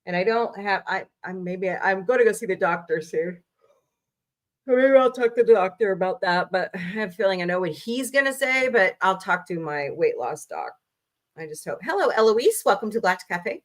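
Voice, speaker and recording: Animated chatty woman livestreaming. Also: medium pitch. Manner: chatty and animated, reacting with quick outbursts. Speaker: livestream host. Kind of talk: casual livestream chat.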